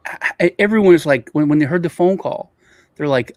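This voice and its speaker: A man's voice: a little high, a little fast, darkish tone, no echo. A man from Europe co-hosting a casual chat, rambling and repeating words as he restarts his sentences. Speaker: co-host.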